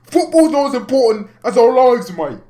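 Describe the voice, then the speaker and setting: A loud, high-pitched male English football fan , put on by a man in a mock British accent rants in exasperation. His voice jumps well above the speaker's usual pitch and grows shrill and strained. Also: big pitch swings, normal speed. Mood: exasperated.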